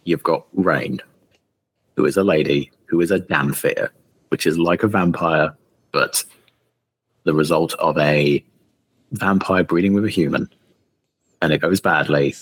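Deep husky man, podcast co-host. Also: unhurried, pauses often, no echo. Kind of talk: casual chat.

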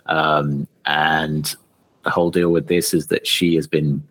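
A man's voice: rumbling low, flat delivery, a little slow, a bit bright, dry recording. A man co-hosting a podcast, chatting casually in a wry, playful way. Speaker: podcast co-host. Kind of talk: casual chat.

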